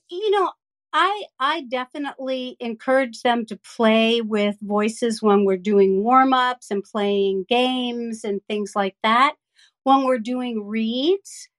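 Enthusiastic woman coaching voice actors. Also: fairly high pitch. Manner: enthusiastic, explains with examples. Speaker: voice-over coach for children. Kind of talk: podcast interview answers.

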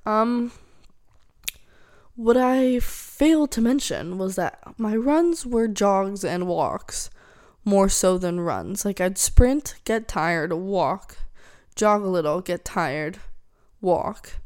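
A woman's voice: medium pitch, animated, slow pace, a little mellow. A young woman hosting her own podcast, chatting casually and rambling with lots of fillers. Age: young adult. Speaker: podcast host. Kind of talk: casual solo chat.

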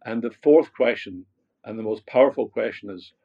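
Scottish guy, husky voice, talks through his life story with lots of ums, kinda dull lo-fi sound. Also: on the low side, normal speed. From Scotland, Glasgow. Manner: frequent fillers and restarts, rising animation in anecdotes. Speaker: guest, motivational speaker. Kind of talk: reflective personal storytelling.

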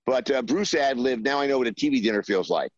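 A man telling a behind-the-scenes anecdote in an interview, halting with many fillers and acting out the voices he quotes. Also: mid-range voice, expressive, no echo, dull audio. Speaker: screenwriter guest.

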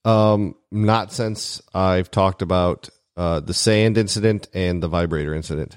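A man's voice: low-pitched, fairly even intonation, unhurried, clear, resonant tone, no room sound, studio quality. A man co-hosting a podcast in casual chat, making crude jokes and laughing often, recorded in a home garage. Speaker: podcast co-host.

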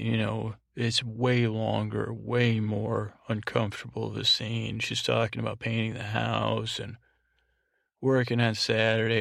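A man's voice: fairly low pitch, gravelly, fairly bright tone, no echo, clean studio sound. A man hosting a bedtime podcast, recapping an episode in a meandering way with fillers and restarts. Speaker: podcast host.

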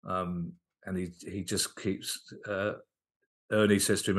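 A man with a fairly low voice tells comedy anecdotes as a podcast guest. He sounds enthusiastic and animated, tripping over his words and restarting sentences as he goes. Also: unhurried. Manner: lively, enthusiastic retelling with frequent restarts. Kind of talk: anecdotal storytelling in casual podcast chat.

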